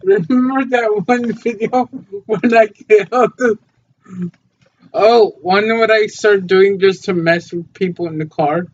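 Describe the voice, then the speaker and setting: A young man chatting casually on a podcast, his voice sitting a little high. He rambles easily with plenty of fillers. The recording is dull and lo-fi, with faint noise. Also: steady tone, slow. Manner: rambling, easygoing, hesitant fillers. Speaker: podcast co-host.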